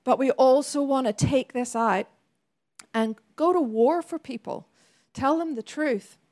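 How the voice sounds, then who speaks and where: A woman's voice: sits high, unhurried, a little mellow. A woman preacher delivering a sermon in an earnest, conversational way with laughing asides.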